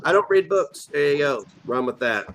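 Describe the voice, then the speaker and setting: A man hosting a live stream, ranting casually and swearing, with an animated delivery. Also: fairly high pitch, moderate pace, vocal fry, slight background noise. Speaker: stream host.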